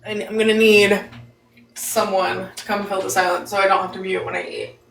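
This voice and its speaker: A woman hosting a casual live stream on her phone, chatty and quick to laugh. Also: medium pitch, little pitch movement, gravelly, fairly bright tone, slight background noise. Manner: chatty, laughs often, talks while eating. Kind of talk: casual chat. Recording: roomy echo.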